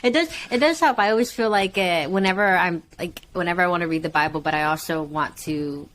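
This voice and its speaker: Effusive woman podcast host, lowish voice. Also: fairly bright tone, a little hiss or hum, low-quality recording. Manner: effusive, quick to agree and laugh. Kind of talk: casual faith podcast interview.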